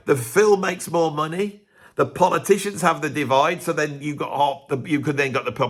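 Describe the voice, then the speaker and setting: A man's voice: fairly high pitch, fairly bright tone. Male commentator, casual monologue to camera, meandering delivery, self-interrupting, rhetorical questions. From England. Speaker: YouTube commentator.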